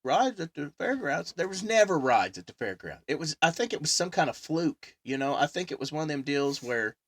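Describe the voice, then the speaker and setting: A man with a fairly high speaking voice tells rambling, animated stories in easy, casual chat, filling his talk with "you know" and "man". The sound is close and dry. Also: a little fast, no room sound. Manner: rambling, animated storytelling with many fillers. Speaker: podcast host.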